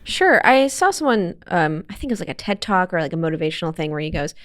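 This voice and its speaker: A woman's voice: on the low side, big pitch swings, fast talker, fairly bright tone. A young woman talking casually as a podcast guest, chatty and laughing often. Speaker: guest, motorsport streamer. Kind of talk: casual interview chat.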